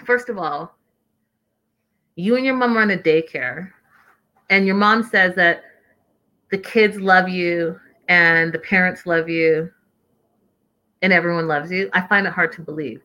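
A woman hosting a casual show, chatting in an animated, gossipy way and talking straight to her listeners. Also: fairly low pitch, a little slow, long pauses. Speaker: podcast host recapping a reality show. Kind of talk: casual chat.

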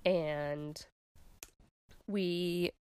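A woman with a fairly low voice chats casually on a podcast, retelling a TV episode with lots of "like" and "um". The recording is dry and close, with no room sound. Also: steady tone, drawn-out words, a little mellow, smooth, no echo. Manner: chatty, filler-heavy retelling with 'like' and 'um'. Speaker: podcast co-host. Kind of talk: casual chat recapping a TV episode.

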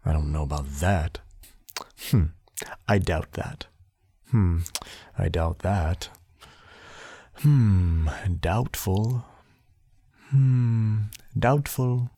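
Someone putting on a very deep, doubtful drawl. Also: mellow, dry recording, heavily acted. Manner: slow, drawn-out humming doubt.

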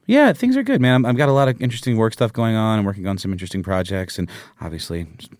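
A man with a lowish voice whose pitch swings a lot talks casually as a podcast co-host. He rambles, hesitating and stacking fillers as he speaks. The sound is dry and close. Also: animated, very fast, a little mellow, no room sound. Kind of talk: casual chat.

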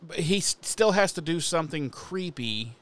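A fairly high-pitched man speaks at a moderate pace as a podcast co-host recapping a TV episode. He's animated and swears a lot in this casual, profane chat, acting out the characters' lines as he goes.

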